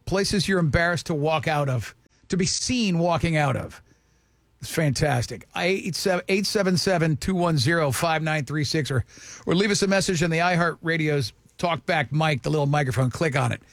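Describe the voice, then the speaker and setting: A man hosting a morning radio talk show, chatty and animated as he tells a story. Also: fairly high pitch, normal speed, no room sound.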